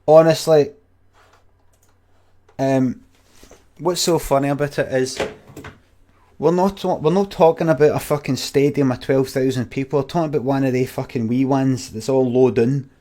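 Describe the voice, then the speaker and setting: A Scottish man in his forties chats loosely to his stream viewers. He swears freely, rambles and cuts himself off mid-thought, in an ordinary middle-pitched voice. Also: fairly even intonation, normal speed, pauses often, warm tone. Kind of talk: casual storytelling to viewers.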